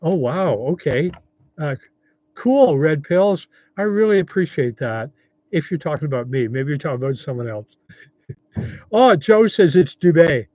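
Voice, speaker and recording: A man's voice: fairly high pitch, lively intonation, unhurried, darkish tone, dry recording, lo-fi sound. A 70-year-old man hosting a casual livestream, rambling in a friendly way and reading viewer comments aloud. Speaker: livestream host.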